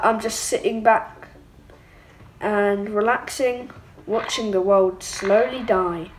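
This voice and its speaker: A young woman giving excitable, playful let's-play commentary with mock-evil asides. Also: medium pitch, slow, noisy background. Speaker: gaming channel host. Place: home room.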